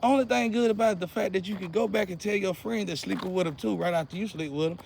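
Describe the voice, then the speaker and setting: High, gravelly man ranting outdoors. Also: quick pace, slight background noise. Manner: preachy, repetitive, swings from loud outbursts to low muttering. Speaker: vlogger. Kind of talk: casual rant to camera.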